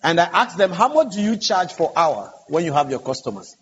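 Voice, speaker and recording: In a large conference hall, a man serving as a pastor on a panel tells a story earnestly and emphatically, acting out the dialogue. His voice is on the high side, bright, a little fast, with big pitch swings, and the audio is dull and echoey with hiss.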